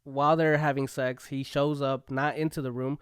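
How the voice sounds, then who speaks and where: A man's voice: medium pitch, little pitch movement, moderate pace, fairly bright tone, clear, resonant tone, no echo, studio quality. A man co-hosting a podcast in casual chat, laid-back and slangy, often laughing along. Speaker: podcast co-host.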